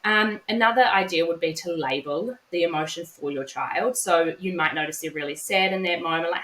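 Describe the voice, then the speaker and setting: A woman in her thirties, a psychologist guest, explaining calmly with everyday examples. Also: lowish voice. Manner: calm, measured, explains with examples. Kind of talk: conversational explanation. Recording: roomy echo.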